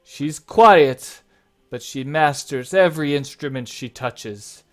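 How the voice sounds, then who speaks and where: A huge, smiling, bearded farmer, given voice by a male game master booms his welcome in a high, hearty shout. The tone stays smooth and resonant. He talks at an unhurried pace. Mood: proud host.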